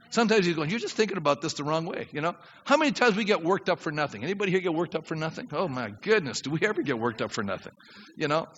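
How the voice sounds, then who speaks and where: An older man preaching a sermon as pastor, acting out prayers and swinging from quiet asides to shouts. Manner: animated preaching, acts out prayers, drops low then shouts. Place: church sanctuary. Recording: dull reverberant church recording.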